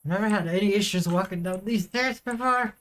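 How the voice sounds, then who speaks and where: A woman's voice: medium pitch, brisk, fairly bright tone. Woman streamer, casual gameplay chatter, talks straight to chat, mid-range voice.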